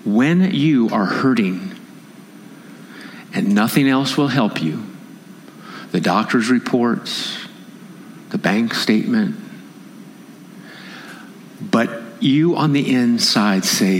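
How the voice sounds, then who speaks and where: A man's voice: a little high, animated, measured pace, a little hiss or hum. A man preaching a sermon as pastor at a conference, impassioned and rising into emphatic raised appeals. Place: conference hall. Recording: long hall reverb.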